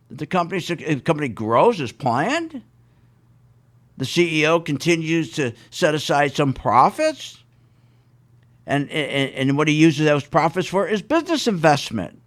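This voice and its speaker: A man's voice: on the high side, very animated, unhurried, pauses often. A man hosting a live radio show about investing, ranting with emphatic repetition and a sarcastic, mocking edge.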